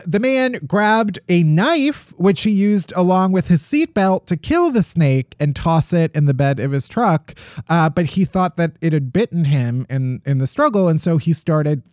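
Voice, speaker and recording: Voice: mid-range voice, animated, normal speed, darkish tone, dry recording. A host reading odd news stories on a casual podcast, with dry jokes and laughter. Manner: jokey, dry asides, laughs while reading. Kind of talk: casual chat.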